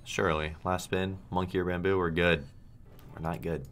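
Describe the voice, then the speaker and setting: A man with a very low voice calls out slot spins as he plays, cursing freely and groaning or yelling at the reels. Quiet game music plays underneath him. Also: fairly even intonation, moderate pace. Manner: swears a lot, groans and shouts at spins. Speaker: online slots streamer. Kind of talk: live gambling commentary.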